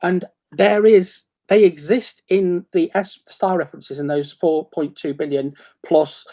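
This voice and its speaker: Husky, excitable man rambling. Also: high voice, a little slow. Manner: excitable, rambling, lots of restarts and acted quotes. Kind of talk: excited casual chat.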